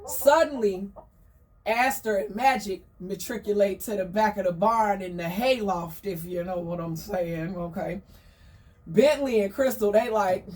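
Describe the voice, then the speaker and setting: A woman telling a story in a chatty, slangy, gossipy way, full of animated asides. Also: mid-range voice, unhurried, recorded from a distance.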